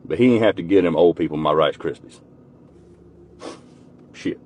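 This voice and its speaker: A man telling a personal story in a casual, folksy way, swearing now and then and going quiet and soft at the emotional parts. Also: moderate pace. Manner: folksy, swears casually, voice drops low and soft when moved. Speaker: storyteller uncle.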